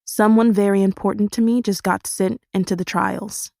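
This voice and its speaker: A guarded, condescending young man, as a woman reader puts him on, talking quietly and curtly. The audiobook voice sits at a middling pitch and sounds dry and close, with no room around it. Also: fairly even intonation, moderate pace, gravelly, dry recording, lightly acted. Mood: grim, earnest. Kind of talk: audiobook character voice.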